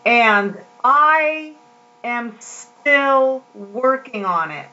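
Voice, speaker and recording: A woman's voice: on the high side, expressive, very slow, sharp tone, highs cut off. A woman giving a casual, heartfelt devotional talk to her viewers, rambling with many fillers and restarts. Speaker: Christian vlogger.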